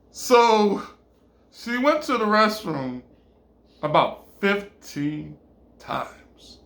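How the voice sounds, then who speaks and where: A man casually telling a story, animated and stammering over repeated words. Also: high-pitched, extremely slow, gravelly, pauses often. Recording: roomy echo.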